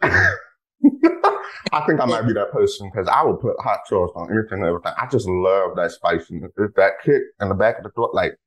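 A man in his twenties hosting a podcast, talking excitedly and casually with lots of exclamations. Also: on the low side, normal speed, low-quality recording. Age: 20s. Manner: bubbly, animated, lots of exclamations. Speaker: podcast host.

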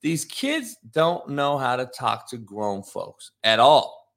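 A man's voice: mid-range voice, very animated, takes it slowly, gravelly, fairly bright tone. A man in his forties, a former football coach, telling a blunt, profane, heated story and ranting about disrespectful kids. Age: 40s.

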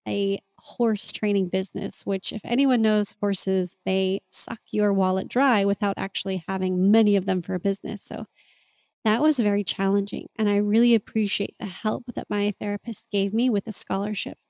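A woman's voice: medium pitch, steady tone, moderate pace, darkish tone, no echo. A woman hosting a podcast, talking in an earnest, open and confessional way in a reflective monologue. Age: adult parent. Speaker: podcast host and mentor.

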